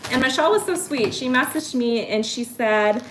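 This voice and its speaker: Woman, 30s, host; bubbly, chatty haul talk, slightly high voice, echoey home room with faint noise. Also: moderate pace. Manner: chatty and excitable, addressing viewers by name. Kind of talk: casual live-stream haul chat.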